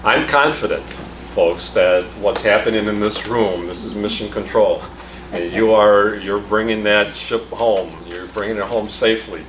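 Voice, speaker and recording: Energetic man giving a keynote in a hall. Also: on the low side, measured pace, a little hiss or hum. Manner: energetic, conversational, upbeat. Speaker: keynote speaker. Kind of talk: conference keynote talk. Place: large conference hall. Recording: echoey hall, mic from a distance.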